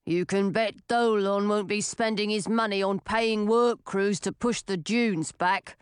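A woman voicing a gruff grown man talking by a campfire in an audiobook. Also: medium pitch, steady tone, unhurried, dry recording, studio quality, close to an everyday voice. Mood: grumbling.

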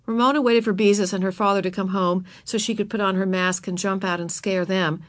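Woman reading a kids' book out loud, lively, acts out the characters, dry close recording. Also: medium pitch, fairly quick, no echo. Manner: expressive, voices the characters. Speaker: narrator. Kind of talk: reading a children's book aloud.

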